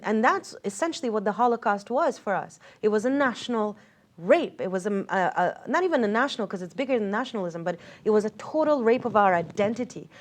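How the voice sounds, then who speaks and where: A woman from Israel, an interview guest, telling a personal story earnestly and reflectively, with many fillers and restarts. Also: mid-range voice.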